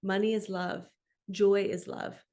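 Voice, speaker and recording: A middle-aged woman, a spiritual coach, giving a soft, affirming motivational talk to camera and slowing down for the self-talk phrases. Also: medium pitch, little pitch movement.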